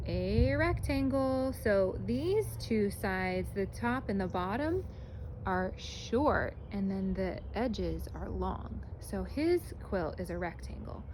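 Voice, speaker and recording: A woman's voice: medium pitch, darkish tone, a little hiss or hum. A cheerful young woman teaching a casual math lesson to children, chatting to them as she films with a phone in one hand. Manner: cheerful, chatty, addresses kids as guys. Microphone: phone held in hand.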